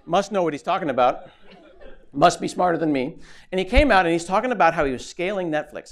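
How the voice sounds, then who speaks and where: Man, keynote speaker, comic, animated, acts out voices, slightly high voice, conference stage. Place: conference stage before an audience.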